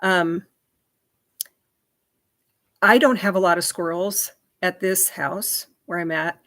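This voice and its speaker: Chatty livestream host, woman, lowish voice, rambling asides to viewers. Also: steady tone, takes it slowly, a bit bright. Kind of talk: casual chat, answering viewer comments.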